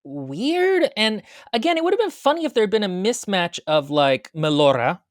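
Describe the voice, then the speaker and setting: A podcast co-host giving opinionated takes in a casual book review, pitch swinging up and down a lot. The sound is dry and close with no room echo. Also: big pitch swings. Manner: opinionated, quick to correct and joke.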